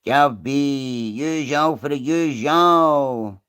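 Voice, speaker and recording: Talking extremely slowly in a smooth, mid-range voice that's a bit bright, a Scottish man hosts a casual live stream. He wanders from topic to topic, swears freely, and greets viewers by name.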